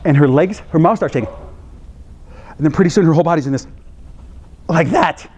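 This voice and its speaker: A slightly high-voiced man talks briskly: he's a middle-aged psychologist from the US addressing counselors. Animated throughout, he acts out how his daughter reacted, complete with laughs and gasps.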